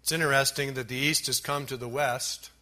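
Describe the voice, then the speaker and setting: A man preaching a sermon as a pastor, listing numbered points with emphasis, slowing on key words and dropping in dry asides. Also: medium pitch, fairly even intonation, pushed and bright.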